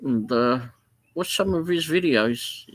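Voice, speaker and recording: A man's voice: fairly high pitch, lively intonation, takes it slowly, no echo, poor audio. A man, chatting casually and rambling on a home livestream, reading out viewer comments. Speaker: livestream host. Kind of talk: casual live chat. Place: home office.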